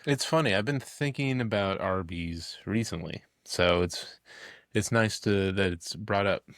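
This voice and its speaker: A man co-hosting a podcast, chatting casually and tossing off deadpan, jokey quips. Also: lowish voice, measured pace, dry recording, studio quality. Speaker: podcast co-host. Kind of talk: casual chat.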